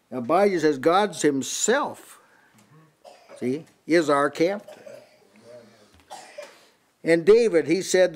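A man's voice: on the high side, a little mellow. Older man preaching a house-church sermon. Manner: repeats words as he restarts, reads and compares many translations. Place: small house church meeting.

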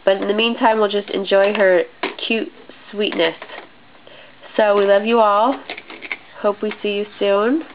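A young woman talks slowly and loosely into a home video camera in her living room, trailing off with ums as she rambles. Her voice sits at an ordinary middle pitch, and the recording sounds slightly dull and lo-fi. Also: fairly even intonation, slight background noise. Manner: chatty, rambling, frequent ums. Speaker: mother filming a family update. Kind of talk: casual home video chat.

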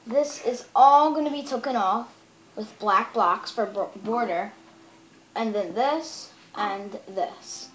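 A woman's voice: a little high, takes it slowly, a little hiss or hum. A woman hosting a casual game tutorial, chatty and bossy as she explains and shushes a friend. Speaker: gaming channel host. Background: background music.

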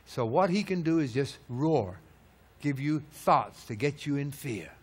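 A man preaching a sermon, firing rhetorical questions and swinging from loud peaks to low, hushed lines. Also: animated, unhurried, husky. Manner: emphatic, hammering rhetorical questions.

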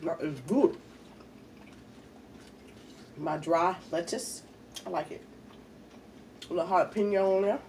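A woman's voice: lowish voice, unhurried, pauses often, darkish tone, recorded from a distance, a little hiss or hum. A woman, chatting casually while eating in a mukbang video, a little congested from a head cold. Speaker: mukbang vlogger.

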